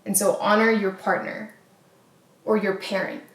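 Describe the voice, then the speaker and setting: A woman's voice: mid-range voice, level tone, a little slow. A woman hosting a casual motivational wellness talk, speaking earnestly with frequent fillers and repeated phrases. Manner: earnest, repetitive, filler-heavy. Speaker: wellness host. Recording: echoey room.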